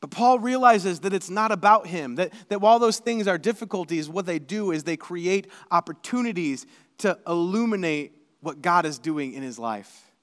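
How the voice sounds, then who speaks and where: Speaking at a moderate pace, the man preaches an animated sermon, his voice pitched fairly high as he shouts his points out in emphatic lists. He's a pastor, and the room's long reverb marks it as a large hall.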